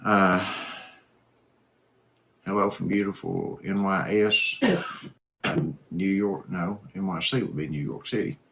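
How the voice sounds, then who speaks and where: A man's voice: deep voice, takes it slowly, creaky, long pauses, fairly bright tone. A man hosting a live stream, reading viewer comments and chatting in an easygoing, folksy, rambling way. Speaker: host.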